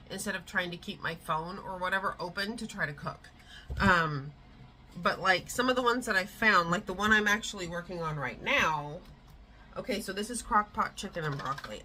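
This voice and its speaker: A woman's voice: mid-range voice, bright, forceful tone, a little hiss or hum, rough recording. A middle-aged woman, chatting casually to her tripod camera at home, rambling with lots of fillers. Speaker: vlogger. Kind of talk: casual vlog chat. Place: at home, indoors.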